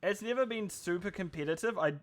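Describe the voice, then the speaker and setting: Male esports caster, New Zealand accent, slightly high voice, loose chatty play-by-play with joking asides. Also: brisk. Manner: chatty, self-deprecating, rambling asides. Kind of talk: live esports play-by-play commentary.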